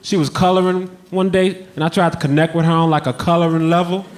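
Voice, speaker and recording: Dry, high-voiced man doing stand-up. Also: steady tone, fast, noisy background. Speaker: stand-up comedian. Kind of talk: stand-up comedy set. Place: comedy club stage. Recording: roomy live club recording with crowd. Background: audience laughter.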